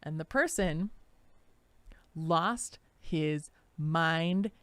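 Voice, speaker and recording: A woman's voice: deep voice, drawn-out words, fairly bright tone, no room sound. A woman co-hosting a live talk show, telling a story in casual chat, acting out quotes and laughing often. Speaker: co-host.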